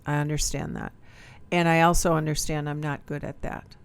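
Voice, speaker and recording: A woman's voice: low-pitched, level tone, normal speed, vocal fry, clean tone. A woman co-hosting a podcast with her partner, talking reflectively about feeling unheard, searching for words. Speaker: podcast co-host. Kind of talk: candid couple's chat.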